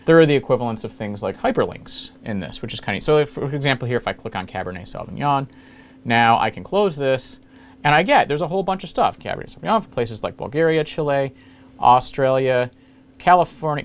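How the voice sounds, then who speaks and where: A man hosting a casual screen-capture walkthrough of old software, rambling along with jokey, self-mocking asides. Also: medium pitch, sing-song, fast talker. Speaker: retro computing video host.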